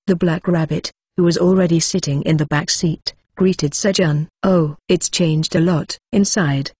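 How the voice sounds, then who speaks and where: A woman narrating a web novel audiobook in an even, steady reading tone. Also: fairly low pitch, husky, no room sound, clean studio sound.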